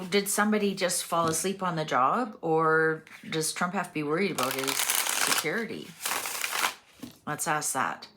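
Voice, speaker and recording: A woman's voice: deep voice, lively intonation, unhurried, noisy background. A woman doing a chatty tarot reading, musing aloud with lots of fillers as she turns over cards. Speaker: tarot reader. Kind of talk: casual tarot reading monologue.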